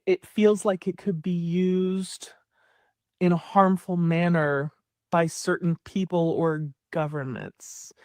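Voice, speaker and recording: Slow, measured woman with low voice. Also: a little mellow, clean tone, no room sound, clean studio sound. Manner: measured, hesitant, with pauses. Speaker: self-described psychic. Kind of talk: social media clip talking to followers.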